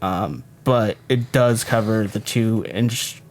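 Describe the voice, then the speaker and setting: A man's voice: on the low side, fairly even intonation, slow pace, slight background noise. Rambling young man chatting about music. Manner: rambling, self-correcting, joking. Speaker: podcast co-host. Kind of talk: casual music podcast chat.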